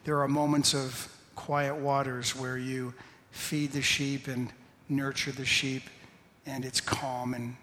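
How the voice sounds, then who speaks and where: Slow, measured male pastor preaching. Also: medium pitch, level tone, sharp tone. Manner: slow, measured preaching with a self-deprecating laugh. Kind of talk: sermon. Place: church sanctuary. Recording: long hall reverb.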